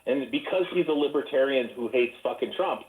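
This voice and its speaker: A man's voice: mid-range voice, brisk. A profane, argumentative man rambles on in a heated online voice chat. His voice comes through thin and phone-like, with a roomy echo around it.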